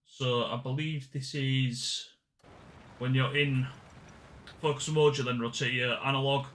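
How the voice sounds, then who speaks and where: A man's voice: mid-range voice, steady tone, measured pace, a bit bright, a little hiss or hum. A man giving casual game walkthrough commentary, chatty and often correcting himself mid-sentence. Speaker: gaming channel host.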